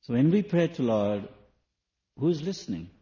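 Mellow-voiced man preaching, lo-fi. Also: medium pitch, sing-song, a little slow. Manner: questioning, earnest, with shifts between soft and loud. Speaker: spiritual teacher. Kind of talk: sermon. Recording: dull lo-fi recording.

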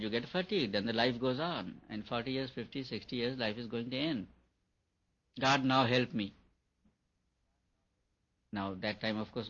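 Male spiritual teacher, husky voice, emphatic and repetitive, dull lo-fi recording. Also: medium pitch, a bit bright. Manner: earnest, repetitive and emphatic, laughs at his own points. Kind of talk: meditation lecture to an audience.

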